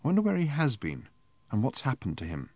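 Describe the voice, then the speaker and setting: A man voicing a doubtful friend who mutters quietly, wondering aloud. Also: mid-range voice, huge pitch swings, fairly quick, no echo, pitched above the performer's own voice.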